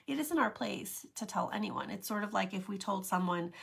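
Woman, live-stream talk host; husky, gravelly voice, relaxed and chatty with filler words. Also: medium pitch, normal speed, few pauses. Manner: chatty, many "like" fillers, acts out quoted voices.

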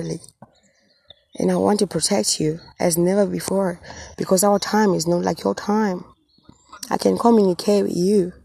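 A woman speaking as God, giving a tender, solemn message to his children in earnest, halting, repetitive phrases. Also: lowish voice, vocal fry, mellow, slightly rough, no echo. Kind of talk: channelled message, spoken as God.

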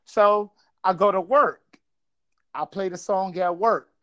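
A man's voice: sits high, takes it slowly, a bit bright, lo-fi sound. A man from Buffalo telling a casual story, swearing freely and acting out quotes. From Buffalo, New York.

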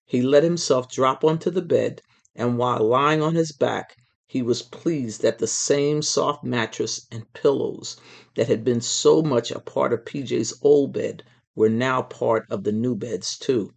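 A storyteller reading a children's book aloud in an expressive, measured way. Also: medium pitch, creaky.

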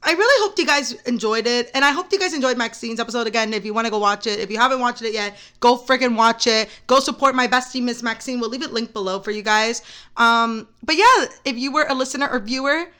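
A young woman hosting a solo podcast, telling a story in an excitable, rambling way full of "like". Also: fairly high pitch, fast talker. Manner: rambling, excitable, heavy use of "like". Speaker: podcast host. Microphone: camera mic.

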